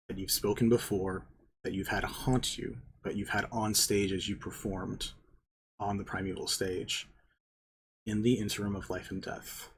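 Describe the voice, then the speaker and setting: A game master narrating a tabletop role-playing scene in a slow, deliberate way. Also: deep voice, slight background noise.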